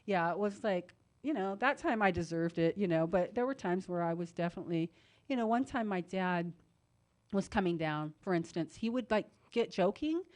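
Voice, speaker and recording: A woman co-hosting a radio talk show, telling a story in a casual, animated way with lots of "like" and "you know", and acting out the other people's voices. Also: moderate pace, dry recording. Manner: animated, acts out quoted voices with big pitch jumps.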